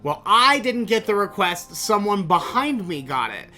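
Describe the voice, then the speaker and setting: A man hosting a podcast, telling a story in an animated, exasperated way and swearing freely. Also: high-pitched, a little slow. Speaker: podcast host. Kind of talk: casual storytelling monologue.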